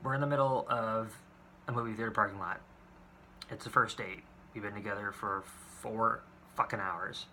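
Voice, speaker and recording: A man's voice: lowish voice, fairly even intonation, moderate pace, pushed and bright, slight background noise. A man in his twenties telling date stories to camera in a casual, exasperated and profane way, rambling with restarts. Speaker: vlogger.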